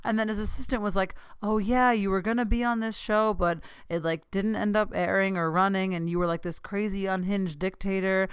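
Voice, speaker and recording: A woman's voice: mid-range voice, fairly quick, hardly any pauses, clean tone, no echo, clean studio sound. Gushing young woman telling a story. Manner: gushing, excitable, says "like" often. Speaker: podcast host. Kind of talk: casual storytelling.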